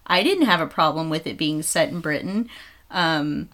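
A woman's voice: low-pitched, expressive, normal speed, a bit bright. A woman co-hosting a podcast, chatting casually about films with frequent ums. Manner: chatty, nitpicking, many ums. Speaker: podcast co-host. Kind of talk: casual film chat.

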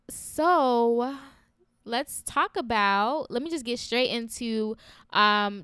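A woman's voice: mid-range voice, a bit bright, clean tone, no room sound, clean studio sound. A young adult woman hosts a faith-based podcast, talking candidly in a chatty way with many fillers and frequent laughs. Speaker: podcast host.

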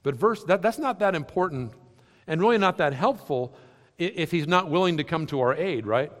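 A man preaching a sermon with a fairly high voice. He swings from loud, emphatic lines down to soft, near-quiet ones, and his words ring out with the long reverb of a large hall. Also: expressive, normal speed. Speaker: pastor.

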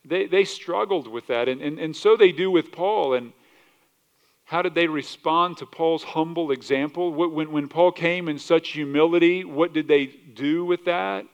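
A male pastor preaching a sermon, animated, asking rhetorical questions and often restarting his words. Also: a little high, a little slow, lo-fi sound. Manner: animated, rhetorical questions, acts out quoted voices; repeats words and restarts mid-sentence.

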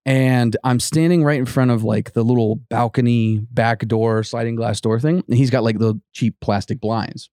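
A man's voice: mid-range voice, steady tone, moderate pace, hardly any pauses, dark tone, no room sound, clean studio sound. A man telling a ghost story to his co-hosts in a casual, rambling way, full of fillers and restarts, acting out what people said.

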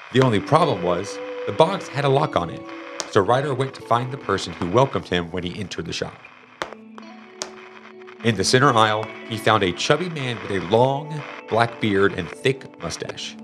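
A man reading a children's storybook aloud in an expressive, animated way. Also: lowish voice, moderate pace, music in the background. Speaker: narrator.

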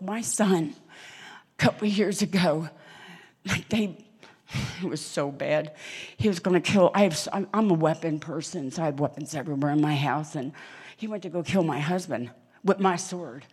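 A middle-aged woman preaches before a congregation in a husky, slightly low voice. She tells her stories with flair, acting out the people she quotes and swinging from hushed whispers to loud exclamations. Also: moderate pace. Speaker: guest preacher. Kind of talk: animated sermon with storytelling. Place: church hall in front of a congregation.

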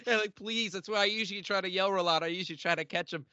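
A man from the Midwestern US hosting a casual interview podcast, animated and quick to laugh, acting out quoted voices. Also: sits high, no echo. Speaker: podcast host. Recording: dull lo-fi dry audio.

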